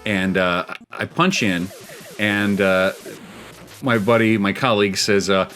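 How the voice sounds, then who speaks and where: A man's voice: lowish voice, slow, a bit bright, soft background music. A man hosting a gaming show, telling a spooky story in a rambling, chuckling way with plenty of restarts. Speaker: show host.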